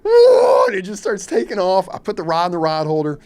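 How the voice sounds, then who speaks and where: A man's voice: high-pitched, fast, clear, resonant tone. A middle-aged man from Kentucky, a fishing captain, telling a story as a podcast guest and acting out his own reactions. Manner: animated, acts out his own reactions in quotes.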